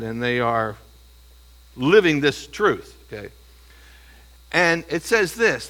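A man preaching through a passage verse by verse, his voice pitched a little high with a bright, forceful edge. He talks to the congregation conversationally and keeps checking in with "okay?" and "you see.". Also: poor audio. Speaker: pastor. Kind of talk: expository sermon.

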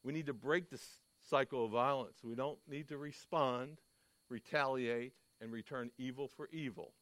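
A man preaches a sermon in a mid-range, slightly bright voice at a moderate pace, his intonation fairly even. He's emphatic, telling stories and putting questions to his listeners. The recording is dry.

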